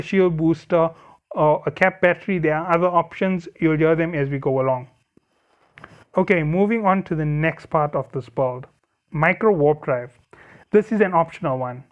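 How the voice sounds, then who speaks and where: A man with a slightly high voice talks through a game ship build step by step. He explains things casually, stopping now and then to correct himself and apologize. The recording is dull and lo-fi, like a basic home mic. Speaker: game guide creator.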